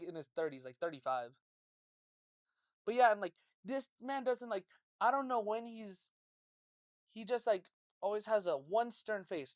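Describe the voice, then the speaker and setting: Animated swearing woman telling a story. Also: medium pitch, dry recording, clean studio sound. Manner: animated, swears often, laughs a lot. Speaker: podcast co-host. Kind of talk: casual chat, storytelling.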